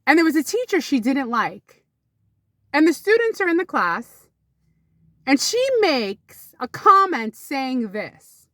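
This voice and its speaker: A woman vlogging to camera, telling rambling casual stories about her mother with sudden high exclamations. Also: sing-song, takes it slowly, long pauses, sharp tone, no echo, clean studio sound.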